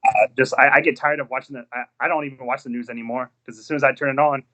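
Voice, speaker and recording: A man's voice: mid-range voice, steady tone, racing, pushed and bright. A male guest on a live stream, talking in a loose conversational way with a frustrated tone. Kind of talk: casual live-stream chat. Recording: dull lo-fi sound.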